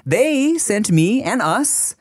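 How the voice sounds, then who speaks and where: A man's voice: sits high, sing-song, takes it slowly, dry recording. A man hosting a podcast, chatting casually and making crude jokes with laughter. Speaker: podcast host. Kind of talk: casual chat.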